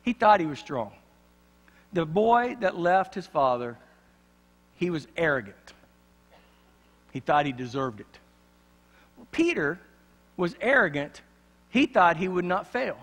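A man preaching a sermon with a somewhat high voice, moving dramatically between loud passages and near-hushed ones. A long church reverb trails behind his words. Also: sing-song, a little slow, pauses often. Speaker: pastor.

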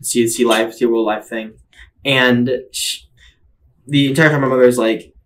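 A man telling a story on a casual podcast, excitable and rambling, with lots of fillers and laughter. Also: medium pitch, moderate pace, poor audio. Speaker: podcast co-host telling stories. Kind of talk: casual chat, animated storytelling.

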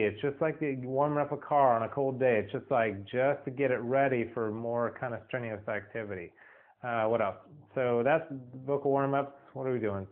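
A man talks through a singing lesson in a loose, rambling way, doubling back on his words and filling gaps with ums. His voice sits in an ordinary middle register. The sound is narrow and tinny, like a phone line. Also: mid-range voice. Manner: rambling, repeats words, many fillers. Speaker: singing teacher. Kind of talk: casual spoken vocal lesson.

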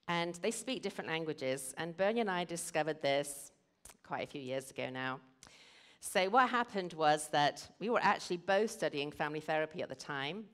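A middle-aged woman giving a sermon, explaining and telling stories in an earnest way. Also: lowish voice. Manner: earnest, storytelling. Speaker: guest speaker at a church service.

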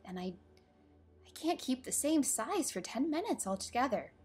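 A woman's voice: high-pitched, very animated, moderate pace, darkish tone, voice pushed up. A woman voicing a shy, polite young girl who talks hesitantly and earnestly, over faint music.

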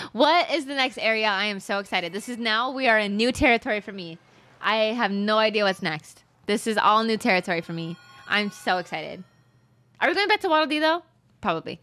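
A young woman commenting on her own game playthrough, excitable, gasping and squealing often. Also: mid-range voice. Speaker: gaming streamer. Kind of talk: let's play commentary. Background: game music.

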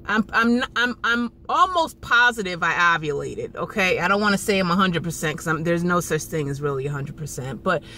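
A woman's voice: fairly low pitch, animated, fairly quick, hardly any pauses, pushed and bright, slight background noise. A woman in her thirties venting to camera in a frustrated, rambling way, often repeating herself. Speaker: vlogger. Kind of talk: emotional venting vlog.

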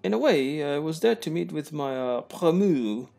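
A man's voice: on the high side, lively intonation, fairly quick, gravelly, darkish tone, pitched above the performer's own voice. A man voicing an anxious, lovestruck young man in a 1920s hotel, in a posh, nervous voice. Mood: flustered. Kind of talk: posh put-on voice.

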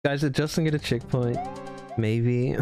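A young man streaming himself playing a game in a tournament, excitable and jokey, yelling and swearing when things go wrong. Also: mid-range voice, measured pace, over music. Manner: excitable, swears a lot, yells in frustration, jokey. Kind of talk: casual live-stream commentary while gaming.

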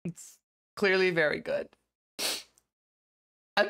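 A woman's voice: on the low side, a little slow, pauses often, a bit bright. A young woman streaming live, chatting casually and laughing often as she reacts to a video.

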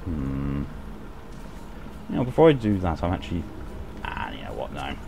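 A man's voice: extremely low pitch, sing-song, normal speed, gravelly, noisy background. A man giving casual, self-mocking commentary while he plays a game on stream, often laughing at his own mistakes. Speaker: gaming streamer.

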